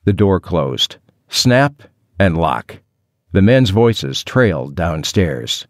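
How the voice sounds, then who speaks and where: A man narrating a first-person adventure audiobook in a wry, expressive storytelling manner. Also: deep voice, slow, no echo, studio quality.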